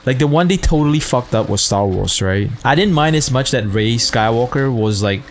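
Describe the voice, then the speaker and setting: A man's voice: medium pitch, animated, normal speed, a little hiss or hum. A man chatting casually as a streamer, rambling, profane and laid-back, often laughing at his own jokes. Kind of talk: casual chat.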